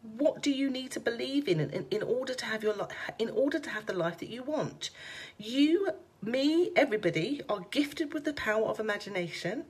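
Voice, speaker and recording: Lady doing a psychic live stream from home, husky voice, chatty, laughs a lot, talks right at the viewers. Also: on the high side, expressive, normal speed. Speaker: psychic card reader. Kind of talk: casual live-stream chat.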